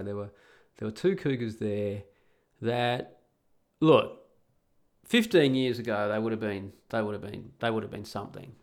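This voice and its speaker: An Australian man hosting a podcast from home, telling a story in a blunt, crude and rambling way with lots of restarts. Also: mid-range voice. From Perth, Australia. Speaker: podcast host. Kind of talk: casual storytelling monologue.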